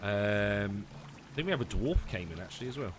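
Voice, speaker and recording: A man's voice: lowish voice, a little fast. A man live-streaming a zoo-building game, chatting casually with viewers and laughing often. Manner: relaxed and chatty, hedging with fillers and laughing often.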